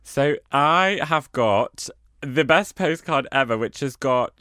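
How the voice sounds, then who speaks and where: Camp, bright-voiced man. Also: medium pitch, animated, slow, clean tone, dry recording, studio quality. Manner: camp, playful, theatrical. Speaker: podcast co-host. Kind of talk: casual chat.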